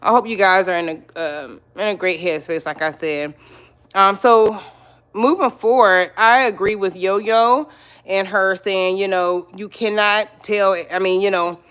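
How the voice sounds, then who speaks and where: A woman's voice: medium pitch, fairly even intonation, measured pace, a bit bright, clear, resonant tone. A middle-aged woman hosting her own livestream, chatting casually with viewers, greeting them by name and repeating her points. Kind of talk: casual live-stream chat.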